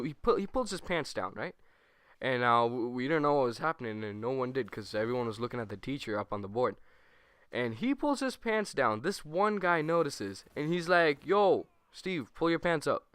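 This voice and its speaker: A young man casually telling a school story over gameplay, rambling and animated, correcting himself as he goes. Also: medium pitch, no room sound. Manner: rambling, animated, self-correcting, with quick put-on quotes. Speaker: gaming channel host.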